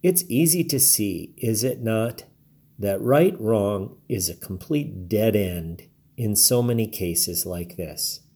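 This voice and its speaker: A man with a lowish, mellow voice reads his own blog post aloud. He gives calm, measured advice and voices bits of imagined dialogue along the way. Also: slightly rough. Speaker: blog narrator.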